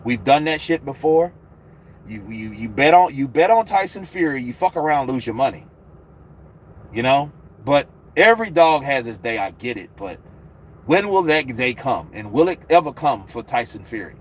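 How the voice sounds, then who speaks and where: A man's voice: mid-range voice, animated, moderate pace. A man hosting a casual boxing livestream, reading out chat in a profane, joking, laid-back way. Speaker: host.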